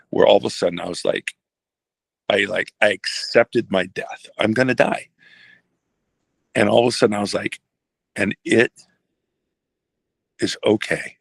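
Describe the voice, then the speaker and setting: An older man, a retired pastor, telling a personal story in a halting, reflective way with many restarts. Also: on the low side, gravelly, slightly rough, dry recording.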